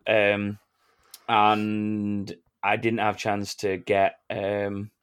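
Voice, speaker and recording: A man's voice: fairly low pitch, monotone, very slow, clean tone. A man hosting a casual podcast, chatty and self-mocking, laughing often. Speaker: podcast host. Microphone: remote recording software.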